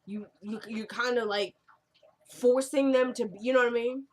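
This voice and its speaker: A woman's voice: steady tone, moderate pace, slight background noise. A woman giving a casual, rambling recap of a TV drama episode, full of fillers and self-corrections. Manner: drops into quieter, lower tones when quoting characters.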